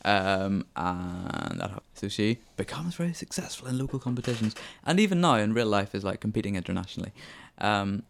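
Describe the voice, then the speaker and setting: Gravelly low-voiced man reviewing a film. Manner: chatty and hesitant, with many ums and restarts. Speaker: film reviewer on a local podcast.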